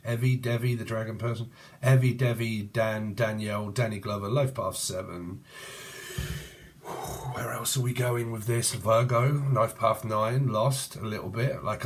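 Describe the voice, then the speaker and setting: Rambling English man reading tarot. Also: medium pitch. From Cambridgeshire, England. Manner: rambling free-association, crude jokes. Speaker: tarot reader. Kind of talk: casual channeled tarot reading.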